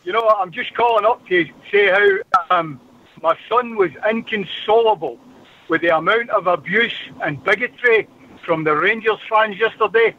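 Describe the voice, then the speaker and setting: A man's voice: sits high, big pitch swings, moderate pace, narrow, tinny audio. A Scottish man calling in to a radio show, chatty and jokey, often tacking man onto his sentences. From Scotland. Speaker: caller. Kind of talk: casual phone-in chat.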